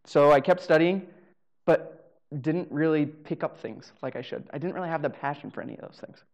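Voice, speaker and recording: A man's voice: on the high side, a little fast, vocal fry, darkish tone. A man telling a personal story on stage in a casual, humorous way. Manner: casual, humorous, acts out dialogue. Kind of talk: live storytelling. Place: live show venue.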